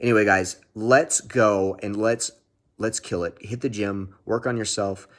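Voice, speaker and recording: A man's voice: fairly low pitch, fairly even intonation, measured pace. A young man vlogging a casual, heavily profane self-help pep talk. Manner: heavy swearing, pep-talk.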